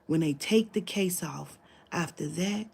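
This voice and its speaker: A woman's voice: lowish voice, measured pace, creaky, darkish tone, slight background noise. A woman telling a long story in casual talk, acting out the quoted dialogue, swearing freely and dropping into whispers. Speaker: spiritual reader telling a client story.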